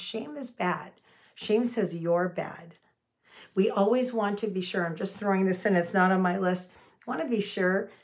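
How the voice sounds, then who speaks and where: Gravelly-voiced woman coaching communication. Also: mid-range voice. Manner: earnest, gives acted-out example phrases. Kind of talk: spoken teaching to camera.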